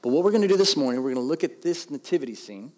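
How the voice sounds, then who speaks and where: A man's voice: fairly high pitch, animated, very fast, big-room sound. A man in his thirties, a pastor, preaching a conversational, self-deprecating sermon and acting out quotes.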